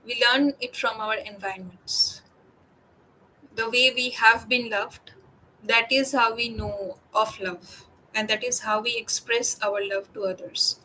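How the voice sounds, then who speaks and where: A woman artist talking through her own work in a reflective, casual way, pausing often with fillers and restarts. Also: on the high side, fairly even intonation, pushed and bright, slight background noise, low-quality recording. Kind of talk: casual talk.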